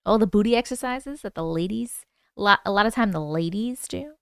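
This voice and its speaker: A woman's voice: mid-range voice, lively intonation, fairly quick, creaky, fairly bright tone, smooth, no room sound, clean studio sound. A woman hosting a casual livestream, chatting loosely, swearing freely and greeting and thanking viewers by name. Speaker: livestream host.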